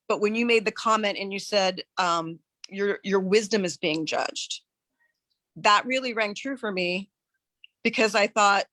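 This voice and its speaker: A woman on a live coaching call, talking in an earnest, searching way with many halting restarts. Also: mid-range voice, pushed and bright, dry recording. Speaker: coaching client.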